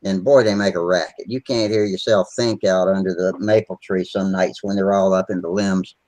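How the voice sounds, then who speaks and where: A man's voice: sits low, fairly even intonation, normal speed, darkish tone, rough recording. Salty, rambling man on a video call. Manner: salty, rambling storyteller who laughs easily. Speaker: regular on a hobby video hangout. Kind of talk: casual chat, swapping stories.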